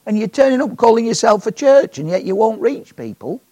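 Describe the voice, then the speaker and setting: A man's voice: sits high, very animated, fairly quick, dark tone, no echo. A man preaching a sermon in a chatty, joking way, often asking the congregation questions.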